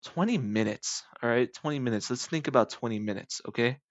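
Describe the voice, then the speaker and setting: A man's voice: medium pitch, brisk, dry recording, highs cut off. A young man in his late teens rambling casually over gameplay, joking and correcting himself as he goes. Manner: jokey, rambling, self-correcting asides. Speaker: gaming video maker.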